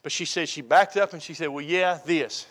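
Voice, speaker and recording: A pastor from preaching a sermon, telling folksy stories and acting out the people in them. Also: male voice, a little high, moderate pace, a bit bright. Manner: folksy storytelling, acts out voices in anecdotes.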